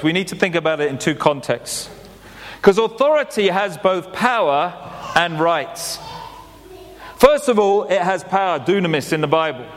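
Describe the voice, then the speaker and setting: High-voiced preacher in a reverberant hall. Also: male voice. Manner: plain-spoken, repeats phrases for emphasis. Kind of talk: sermon.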